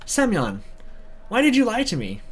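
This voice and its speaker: A man's voice: sits high, wildly swooping pitch, normal speed, voice pushed up, heavily acted. A man voicing a hurt, tearful teenage girl from a story he reads aloud. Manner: pleading, hurt.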